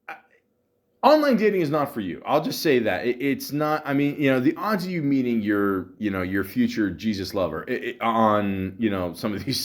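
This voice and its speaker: A man with a fairly low voice talks alone on his podcast in a loose, rambling monologue. He swears freely, chuckles often and keeps restarting his sentences. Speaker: podcast host. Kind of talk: casual solo podcast monologue.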